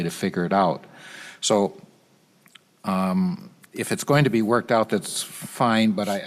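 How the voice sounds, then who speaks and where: A male state legislator at a committee hearing, talking haltingly with many restarts, earnest and concerned. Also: lowish voice.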